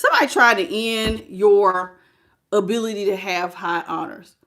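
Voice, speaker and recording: A woman's voice: mid-range voice, moderate pace, a bit bright. A woman giving a livestream tarot reading, talking casually and greeting viewers in the chat. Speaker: tarot reader.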